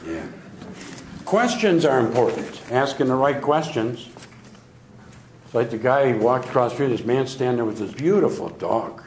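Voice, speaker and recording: A man's voice: mid-range voice, lively intonation, normal speed, long pauses, a little mellow. An older man, a sales trainer, telling funny stories to an audience and acting out the characters' voices. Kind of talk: humorous storytelling talk to an audience. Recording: echoey room with faint noise.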